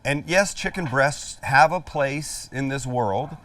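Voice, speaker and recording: A man's voice: medium pitch, slow pace, a bit bright, recorded from a distance. A middle-aged man hosting a casual cooking demonstration in his backyard, chatty, jokey and emphatic. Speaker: cooking show host. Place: outdoor backyard kitchen.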